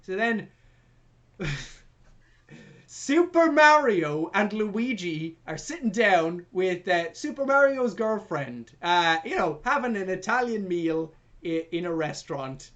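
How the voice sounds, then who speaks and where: A young man hosting a podcast, retelling a film plot in a jokey, sweary, animated way. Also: high-pitched, takes it slowly, highs cut off. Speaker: podcast host. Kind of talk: casual film review chat.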